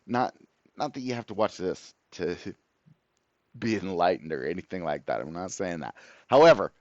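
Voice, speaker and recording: A man's voice: sits low, expressive, moderate pace, a little mellow, no room sound, dull audio. A man ranting to the camera as host of his own channel, profane, sarcastic and exasperated.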